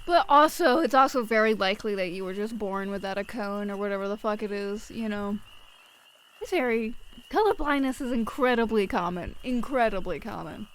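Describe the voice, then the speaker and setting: A woman's voice: medium pitch, moderate pace, rough recording. A woman streamer in casual live chat, reading viewer messages aloud, rambling with fillers and swearing freely. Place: at her desk at home.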